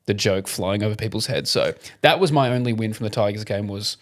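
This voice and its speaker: A young Australian man co-hosting a podcast, telling a story in an animated, casual way, swearing freely and laughing often. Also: fairly low pitch, a little fast. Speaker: podcast co-host. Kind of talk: casual chat.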